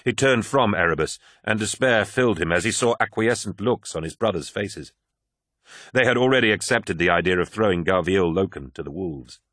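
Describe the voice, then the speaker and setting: A man narrating an audiobook in a steady, dramatic reading. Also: deep voice, normal speed, dry recording, clean studio sound. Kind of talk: scripted narration.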